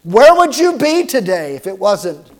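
A man's voice: high-pitched, sing-song, a little slow. A man preaching a sermon as pastor, asking the congregation questions, repeating words and slipping in small jokes.

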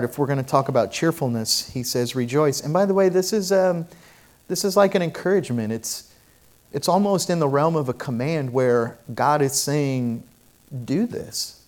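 A man preaching a sermon, moving from quiet, conversational reflection with restarts and rhetorical questions to loud, emphatic preaching. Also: fairly high pitch. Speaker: pastor.

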